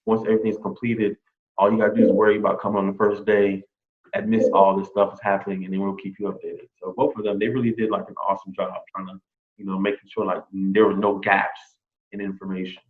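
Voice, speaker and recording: A man who was just hired as a teacher, telling a lively story in a casual interview and acting out what other people said. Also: on the low side, fast talker. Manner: animated, quotes others in lively re-enactments. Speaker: new teacher hire. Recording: dull lo-fi sound.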